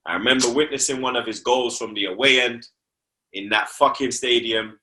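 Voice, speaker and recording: A man's voice: medium pitch, moderate pace, sharp tone. A young man, talking football on a casual podcast, slangy and repeating himself for emphasis.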